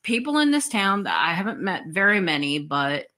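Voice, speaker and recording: A woman's voice: lowish voice, big pitch swings, normal speed, pushed and bright. A woman vlogger telling a story in a casual, blunt way, swearing freely.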